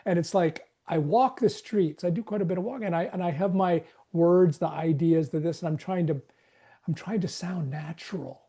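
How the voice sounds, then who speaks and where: A man shares his thoughts in a casual group discussion. His voice is mellow and warm. He rambles and acts out a back-and-forth with himself. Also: a little high, normal speed, husky. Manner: rambling, self-questioning, acts out inner dialogue. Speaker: webinar participant.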